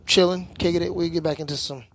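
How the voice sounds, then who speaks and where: A man's voice: on the high side, fairly even intonation, fast talker, a loud crowd. A man hosting a casual podcast chat, laid-back and teasing with his co-hosts. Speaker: podcast host.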